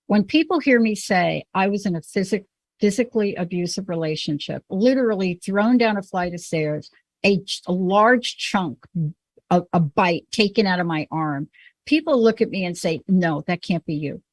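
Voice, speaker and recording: A woman's voice: mid-range voice, expressive, normal speed, no room sound. Emphatic New York woman host. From the Bronx, New York. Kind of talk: conversational podcast talk.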